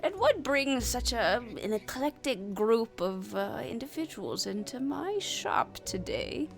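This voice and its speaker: A woman's voice: on the high side, very animated, measured pace, gravelly, faint music behind, full character voice. Woman doing an old turtle shopkeeper. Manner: rambling, slightly defensive, talks of himself as the town kook. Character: eccentric elderly male turtle shopkeeper.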